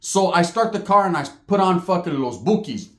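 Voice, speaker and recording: A man with a fairly high voice tells a profane comedy story, loose and conversational. He keeps tagging his lines with "right?", and the sound is echoey. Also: expressive, moderate pace. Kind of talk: storytelling stand-up.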